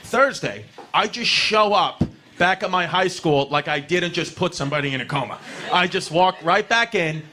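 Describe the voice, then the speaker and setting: A man's voice: high voice, animated, moderate pace, sharp tone. A man, telling a rambling, profane stand-up story to a club audience. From New York City. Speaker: stand-up comedian.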